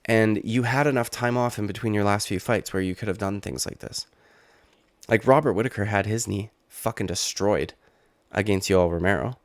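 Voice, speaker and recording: A man's voice: fairly low pitch, normal speed, no room sound. A man in his late twenties giving casual, rambling, profane reaction commentary on fighting news. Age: late 20s. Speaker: MMA YouTuber.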